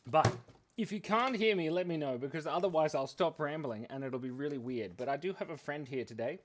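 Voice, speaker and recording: A man with a fairly high-pitched, brisk voice hosts a live drawing stream for kids. He chats playfully and rambles, cracking self-mocking jokes in casual livestream talk.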